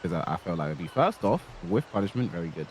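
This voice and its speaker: Male coach, deep and animated, easygoing, faint hiss on the line. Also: fast talker. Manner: easygoing, hesitant, many fillers. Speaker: fighting game coach. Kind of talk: casual coaching call. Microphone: voice call.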